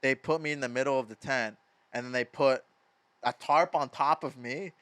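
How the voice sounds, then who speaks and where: A man's voice: medium pitch, moderate pace, smooth. A young man in his twenties from Wisconsin, a podcast guest telling stories casually, full of "like" and swearing. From Madison, Wisconsin. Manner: filler-heavy, profane, animated. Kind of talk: casual storytelling.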